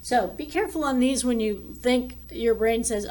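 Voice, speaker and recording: A woman's voice: a little high, moderate pace, a little mellow. A woman teacher walking through math problems in a recorded lesson, thinking aloud as she draws and works them out. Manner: talks while drawing and working problems aloud.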